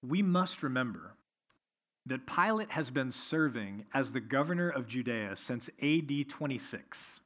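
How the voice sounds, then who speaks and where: A man's voice: mid-range voice, expressive, unhurried, fairly bright tone. A man preaching an expository sermon, reading scripture aloud and then explaining it verse by verse. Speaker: pastor.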